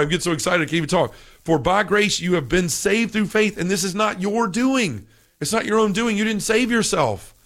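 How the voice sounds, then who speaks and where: A man's voice: a little high, fairly bright tone. A man giving a fervent, preacher-like reflection on faith, repeating scripture lines. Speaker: podcast speaker.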